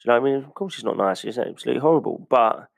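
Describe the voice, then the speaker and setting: A gravelly-voiced man talks bluntly and passionately, throwing in the odd swear word. His pitch sits in the middle range, and the recording is close and dry. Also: animated, very fast, no room sound. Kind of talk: casual opinion rant.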